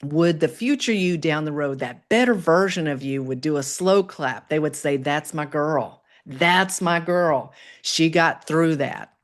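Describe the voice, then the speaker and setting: Low-voiced upbeat woman hosting a livestream. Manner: upbeat and encouraging, with swoops up in pitch on exclamations; chatty, reads out and answers viewer comments. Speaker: livestream host. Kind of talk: casual motivational livestream talk.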